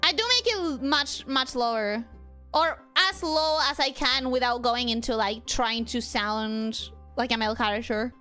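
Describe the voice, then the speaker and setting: A young woman streaming a game, chatting casually and reading chat, animated and quick to squeal and laugh. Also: on the high side, soft background music. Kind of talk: casual gameplay commentary.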